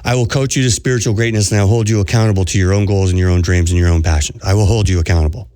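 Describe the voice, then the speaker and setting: A man's voice: low voice, steady tone, very fast, warm tone, no echo, studio quality. A man hosting a podcast as a spiritual coach, preaching to listeners in an earnest, urgent way and repeating phrases for emphasis.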